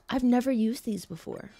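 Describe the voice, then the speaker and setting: A young woman streaming a game live, excitable and talking straight to her chat, often repeating her exclamations. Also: fairly high pitch, normal speed. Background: faint game music.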